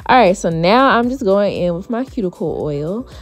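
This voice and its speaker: A woman giving a chatty, relaxed tutorial voice-over as a beauty vlogger, full of casual fillers. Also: mid-range voice, moderate pace, soft background music.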